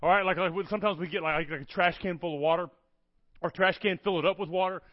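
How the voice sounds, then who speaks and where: A man's voice: high voice, fast talker, dry recording. A man, telling stories in a sermon and often asking "okay? all right?". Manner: animated, keeps checking in with "okay? all right?". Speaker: guest preacher. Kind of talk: storytelling sermon. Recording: dull lo-fi sound, dry.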